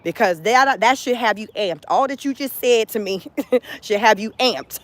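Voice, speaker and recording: A woman's voice: a little high, moderate pace, fairly bright tone, dry recording. Emphatic woman on a motivational livestream. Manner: emphatic, repeats phrases, laughs often. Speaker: livestream host. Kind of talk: casual motivational livestream talk.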